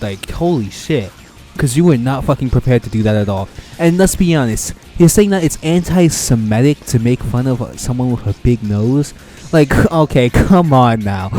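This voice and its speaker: A man's voice: fairly high pitch, mellow. A young man giving profane, exasperated reaction commentary, ranting and mocking what he reads aloud. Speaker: commentary streamer.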